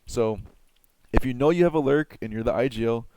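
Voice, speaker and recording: A man's voice: medium pitch, brisk, dark tone, a little hiss or hum. A man giving casual game strategy tips, rambling with lots of filler words and the odd swear. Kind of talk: casual tutorial talk.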